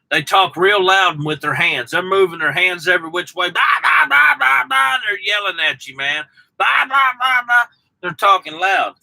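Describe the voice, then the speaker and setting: A Southern truck driver rambles casually to his viewers by name during a live chat. His voice is on the high side and sharp, and the recording quality is low.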